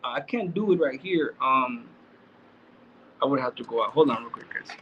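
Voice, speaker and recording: A man's voice: medium pitch, animated, moderate pace, slight background noise. A middle-aged man hosting a livestream, talking casually in loose streetwise slang with plenty of swearing. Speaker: livestream host. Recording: dull lo-fi stream audio.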